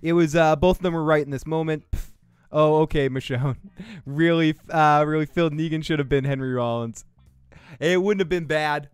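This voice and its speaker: A man's voice: on the high side, fairly even intonation, normal speed, smooth, dry recording, soft background music. A man with a Boston accent hosting a casual TV recap show, rambling, joking and swearing freely. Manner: profane, rambling, jokey riffing. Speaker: podcast host recapping a TV episode. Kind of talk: casual review chat.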